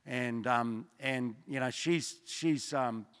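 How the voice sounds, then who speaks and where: A man's voice: mid-range voice, slow pace, a bit bright, smooth. A middle-aged man, preaching a church sermon in an informal, joking way, with rambling asides. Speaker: guest preacher. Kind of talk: evening church sermon with testimonies. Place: church service. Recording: long church hall reverb.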